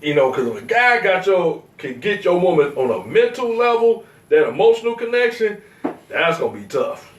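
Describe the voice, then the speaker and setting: A fairly high-voiced man hosting a loose podcast conversation, blunt and profane, who acts out bits of stories as he goes. His pitch swings widely. He sits well back from the mic in a room with a roomy echo. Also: very animated, moderate pace, far from the mic, slight background noise. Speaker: show host. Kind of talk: casual podcast chat.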